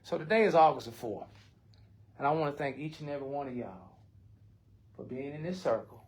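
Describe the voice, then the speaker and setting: A man's voice: medium pitch, darkish tone. An older man, speaking bluntly and with heart in a recovery support circle, often swearing. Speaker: recovery group member.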